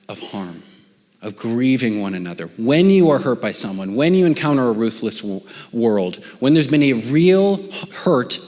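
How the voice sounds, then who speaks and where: A middle-aged man preaches a conversational sermon at a medium pitch, talking to his church as if chatting with friends. He often drops his voice to a soft near-whisper. His words ring out with a long reverb that fills the hall. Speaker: pastor. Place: church auditorium.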